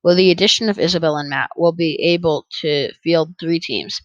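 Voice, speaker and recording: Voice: mid-range voice, normal speed, no echo, highs cut off, natural voice. A reader voicing a stern old male talking stallion who speaks in formal, old-fashioned phrases, read for an audiobook. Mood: firm.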